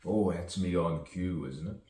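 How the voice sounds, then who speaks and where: Low-voiced guy slowly riffing a rambly spoken-word poem, repeats himself a lot, sounds far off in an echoey room. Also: mellow. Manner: drifting, repetitive, rhyming free association. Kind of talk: spoken-word poetry monologue.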